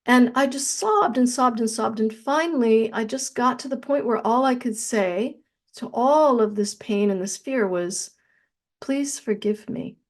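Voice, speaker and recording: A woman guest in an interview, telling a personal spiritual story in an earnest, reflective way and slowing down on key phrases. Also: fairly high pitch.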